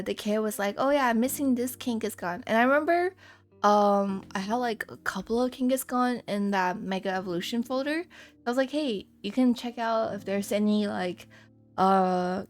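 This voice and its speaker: A young woman streaming live, chatting casually and telling rambling stories, laughing often at herself. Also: medium pitch. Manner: giggly, rambling, self-deprecating storytelling. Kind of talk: casual live-stream chat while drawing.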